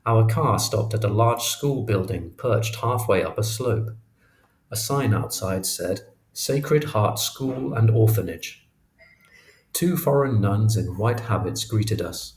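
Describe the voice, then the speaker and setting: A man narrating an audiobook in a measured storytelling read, in a roomy-sounding recording. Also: lowish voice. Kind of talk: scripted narration. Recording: roomy echo.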